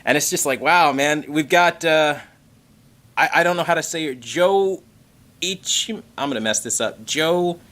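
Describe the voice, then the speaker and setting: A man hosting a tech livestream in casual chat, excitable and rambling, swearing casually and thanking members. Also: on the high side, measured pace. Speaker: tech channel host reading member messages on a livestream.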